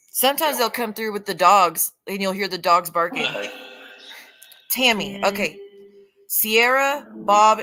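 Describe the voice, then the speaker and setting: A woman hosts a late-night paranormal stream with a bright, forceful voice. She calls out names, strains to catch replies and keeps checking in with her chat. A long reverb trails after her words. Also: medium pitch. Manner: halting, calling out names and straining to hear. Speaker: paranormal livestream host. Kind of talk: live spirit-box session talking to chat.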